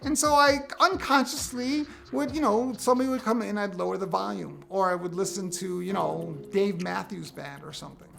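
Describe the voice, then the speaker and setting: A man in his fifties from the United States, talking candidly to camera with wry, animated storytelling. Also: high voice, normal speed, gravelly, few pauses. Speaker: vlogger sharing a personal list. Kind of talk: casual talk to camera.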